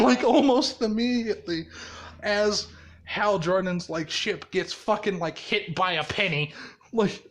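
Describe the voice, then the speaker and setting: A storyteller improvising a story in a casual way, laughing often and swearing heavily. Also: mid-range voice.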